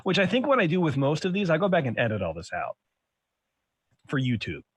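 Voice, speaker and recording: A man's voice: a little high, wildly swooping pitch, fairly quick, breathy edge, no echo. A young adult man hosting a podcast, telling stories in a rambling, profane way full of restarts. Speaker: podcast host. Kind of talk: casual chat.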